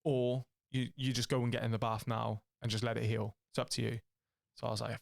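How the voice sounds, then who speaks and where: A man's voice: mid-range voice, fairly quick, creaky. A man in his late thirties with a British English accent, telling a rambling, profane story on a podcast and acting out the people in it. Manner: rambling, profane, animated storytelling with acted-out quotes. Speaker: podcast co-host. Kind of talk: casual storytelling chat.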